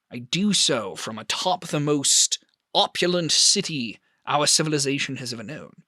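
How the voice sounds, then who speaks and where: A towering male statesman, voiced by a man running a tabletop game, speaks in measured, formal oratory. His pitch swings widely while he holds forth. The sound is dry and close. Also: pushed and bright, no room sound, full character voice. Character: huge powerful male statesman, earnest, grandiose.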